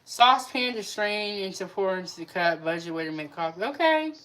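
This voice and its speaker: A woman's voice: mid-range voice, lively intonation, brisk, fairly bright tone, slight background noise. A young adult woman hosting a casual cooking livestream from her home kitchen, chatting and answering viewers' comments as she cooks. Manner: chatty, reads out and answers live chat comments. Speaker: cooking show host.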